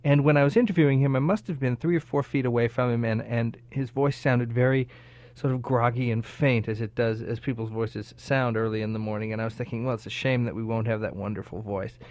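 A man's voice: medium pitch, steady tone, fairly quick, darkish tone, dry recording, muffled recording. A man hosting a radio program, introducing interviews and talking in a conversational way. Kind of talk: radio host narration and interviewing.

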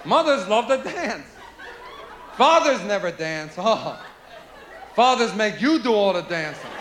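A man performing a stand-up comedy routine, animated and shouting impressions of his parents, with audience laughter. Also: sits high, measured pace, a faint crowd. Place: live comedy venue. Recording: echoey live room with noise.

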